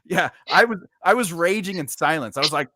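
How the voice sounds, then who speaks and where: A man in casual live-stream chat, telling a story in an animated way. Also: a little high, brisk, dry recording, studio quality.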